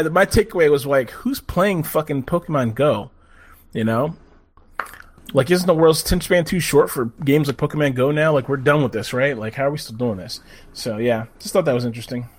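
A man hosting a casual chat, telling stories in an animated, profane way. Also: a little high. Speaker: podcast host.

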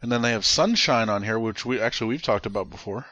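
A man's voice: on the low side, quick pace, bright, forceful tone, lo-fi sound. A man co-hosting a casual podcast, talking in a laid-back, shrugging way. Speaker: podcast co-host.

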